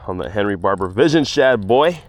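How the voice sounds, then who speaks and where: A man vlogging outdoors by the water while fishing, talking casually and breaking into excited exclamations. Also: on the low side, fairly quick. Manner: excitable, keeps exclaiming, breathless bursts. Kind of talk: casual outdoor vlog commentary.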